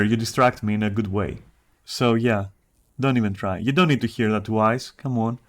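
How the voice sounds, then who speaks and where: A man's voice: mid-range voice, normal speed. A man streaming live, reading chat messages aloud and reacting with profane, mocking commentary.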